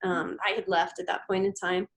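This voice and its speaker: A woman in her thirties, a podcast guest, speaks earnestly and gently, pausing and restarting as she tells a personal story. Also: on the low side, level tone, low-quality recording. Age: 30s. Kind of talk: reflective interview storytelling.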